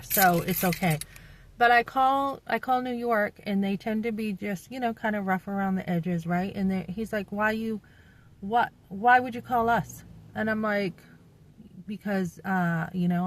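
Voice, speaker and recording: A woman's voice: mid-range voice, low-quality recording. Middle-aged new england woman in her van, blunt, rambly, lots of ums, phone vlog. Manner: blunt, rambling retelling with fillers. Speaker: vlogger. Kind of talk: casual vlog talk. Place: parked van.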